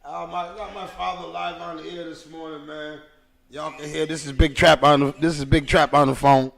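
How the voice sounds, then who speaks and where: A man's voice: a little high, little pitch movement, moderate pace, creaky, fairly bright tone. A man hosting a casual podcast who rambles emphatically and swears freely. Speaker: podcast host. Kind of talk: casual chat.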